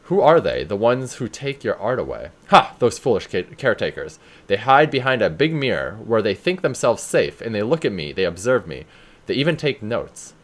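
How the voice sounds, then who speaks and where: A man's voice: lowish voice, big pitch swings, moderate pace. A man voicing an eccentric male asylum patient who rambles grandly about his art, read aloud during a game playthrough. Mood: grandiose.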